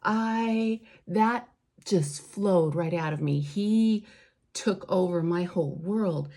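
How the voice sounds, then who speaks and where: A woman's voice: lowish voice, takes it slowly, warm tone. A woman author chatting casually to camera in a vlog, rambling and enthusiastic, with lots of fillers. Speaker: author and vlogger. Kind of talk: casual get-ready-with-me chat.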